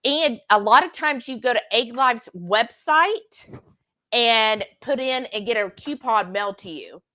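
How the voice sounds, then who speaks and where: A woman with a bright, forceful voice pitched a little high chats excitedly through a cooking livestream. She talks with easy, teasing banter from a home kitchen. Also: a little slow. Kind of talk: casual livestream cooking chat.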